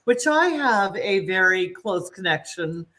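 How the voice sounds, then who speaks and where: A woman's voice: medium pitch, lively intonation, a little slow, sharp tone. A woman hosting a casual talk show, chatting playfully with her guest. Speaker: host. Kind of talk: casual chat.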